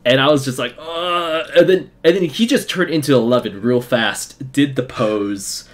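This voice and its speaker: A young man from Utah hosting a casual podcast, telling excited fan stories with quick asides and laughs. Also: mid-range voice. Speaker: podcast host. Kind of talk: casual chat.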